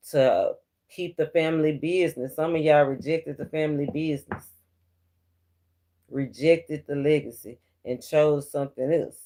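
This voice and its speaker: Speaking directly to his viewers, a man with a mellow, somewhat high voice gives a casual spiritual tarot reading. He comes across as preachy and laughs often between his points.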